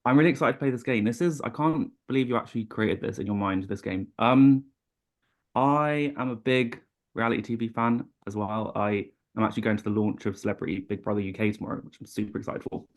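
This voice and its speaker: A man's voice: fairly low pitch, a little fast. A man in his thirties from near London, with an English accent, chatting eagerly with lots of ums on a video call. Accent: English, London area. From England. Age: 30s.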